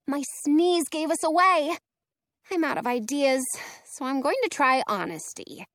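A woman narrating a children's storybook in first person, in an expressive, playful way. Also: sits high, measured pace, no room sound, studio quality. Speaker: audiobook reader.

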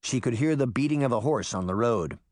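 Expressive male storybook narrator. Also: mid-range voice, fairly quick, no room sound, studio quality. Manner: expressive reading. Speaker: audiobook narrator.

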